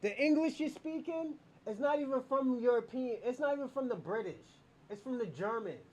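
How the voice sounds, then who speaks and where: A man's voice: extremely high pitch, lively intonation, fairly quick, lo-fi sound. A man hosting a livestream, giving heated commentary and taunting viewers in a mocking way that often breaks into laughter. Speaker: livestream host.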